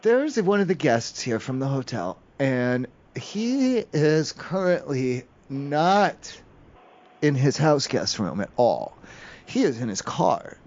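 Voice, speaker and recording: A man's voice: mid-range voice, big pitch swings, takes it slowly, darkish tone. A man making a prank phone call, rambling through a long story with many fillers and restarts. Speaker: prank caller. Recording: muffled phone call audio.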